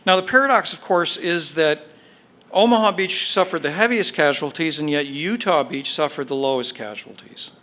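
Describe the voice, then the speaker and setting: A man giving a history lecture to an audience, explaining in a measured way with fillers and emphatic stresses. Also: on the high side, pushed and bright. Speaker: guest speaker, military historian. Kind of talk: podcast lecture.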